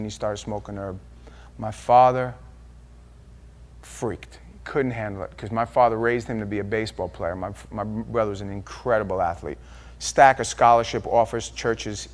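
Impassioned male pastor preaching. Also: on the low side. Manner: impassioned, swings from hushed to loud. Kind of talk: sermon.

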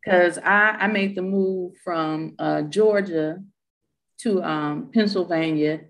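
A woman with a Southern US accent speaking on a panel, animated and emphatic, often checking in with "right?". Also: lowish voice, slow. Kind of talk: candid panel discussion.

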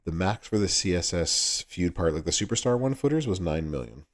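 A man's voice: sits low, expressive, brisk. A man with a Southern US accent hosting a livestream, chatting casually with viewers and laughing often. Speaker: livestream host.

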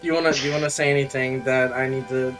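A man's voice: medium pitch, little pitch movement, racing, a bit bright, soft background music. A young man co-hosting a casual video game playthrough, giggly and easily amused. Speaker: co-host and video editor. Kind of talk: casual gaming chat.

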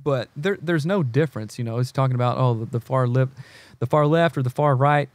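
A man's voice: mid-range voice, a little fast, no room sound. Earnest Southern-born man, dry close mic. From American South. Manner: earnest, searching, restarts often, acts out quotes. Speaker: podcast guest. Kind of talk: casual conversation.

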